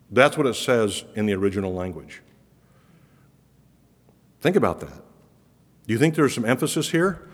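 A man's voice: fairly low pitch, animated, unhurried, pauses often. A man preaching a sermon, earnest and emphatic, his voice building on repeated promises. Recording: reverberant hall.

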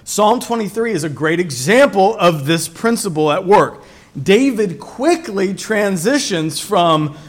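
A middle-aged man preaching a conversational sermon. He tells stories with digressions, and he swings from loud emphasis to quiet asides. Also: sits high. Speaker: pastor.

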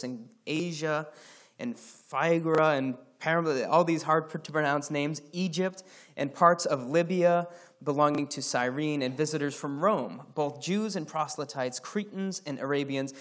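A man from Scotland teaches through a Bible passage in a relaxed, conversational way, with a voice pitched a little high. He mixes fillers and asides with passages he reads aloud.

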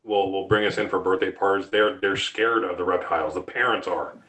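A man's voice: low-pitched, fairly even intonation, a little fast, fairly bright tone, poor audio. A man in his thirties, a reptile keeper and show guest, giving long, rambling and blunt explanations in a casual interview.

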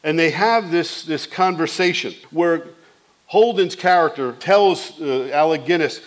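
A male preacher delivering a sermon in a fairly high voice. He builds fervent emphasis line by line, then drops into easy conversational asides with small fillers. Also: a little slow. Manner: fervent, rising and falling with emphasis.

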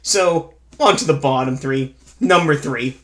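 A man's voice: mid-range voice, a little slow, a bit bright. A man co-hosting a casual movie review chat, blunt and sarcastic, swearing freely. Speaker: podcast co-host reviewing a film.

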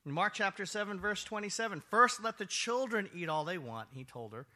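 A man preaching a sermon, telling the story with animated storytelling and acting out voices. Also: high voice, a little fast. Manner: animated storytelling, acts out voices, laughs often. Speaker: pastor.

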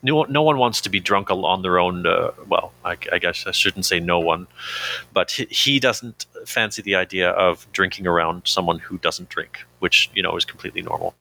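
Man, interview guest, lowish pitch, bright tense tone, hesitant, reflective, fillers. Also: normal speed, creaky. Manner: reflective, hesitant with frequent fillers, laughs easily. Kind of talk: candid conversational interview.

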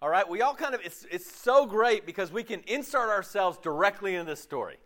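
Lively, laughing casual preacher man. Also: sits high, a little fast. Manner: animated, laughs often, jumps into playful voices; loose, self-interrupting, many fillers. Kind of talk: casual conversational sermon.

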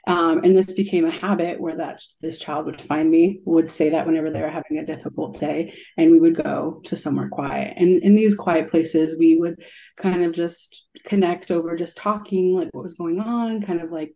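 A woman's voice: lowish voice, fairly even intonation, moderate pace, vocal fry, mellow. A young adult woman, an art therapist, telling a heartfelt story in a radio interview, with many ums and likes.

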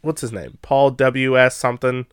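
A man co-hosting a casual podcast chat, easygoing and chuckling, with quick asides. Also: medium pitch, steady tone, smooth, no room sound, clean studio sound. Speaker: podcast co-host.

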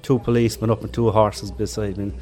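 An older man with a Limerick Irish accent recalls old races in an easy, chatty way. His voice sits low and mellow, with a dark, soft tone. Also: little pitch movement, a little fast, faint music behind. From Ireland. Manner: chatty anecdotes with chuckles. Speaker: interviewee, former marathon runner. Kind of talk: relaxed storytelling.

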